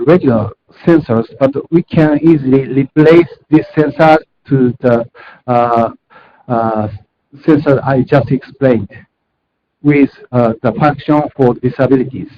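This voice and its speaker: A man with a Japanese accent, a native Japanese speaker, giving a technical conference presentation in a halting way with many fillers and restarts. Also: medium pitch. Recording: dull lo-fi conference audio.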